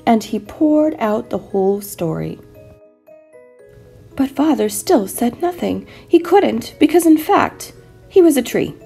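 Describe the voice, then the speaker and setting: A woman teacher reading a children's picture book aloud, expressive and animated. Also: a little high, unhurried, creaky, husky, faint music behind.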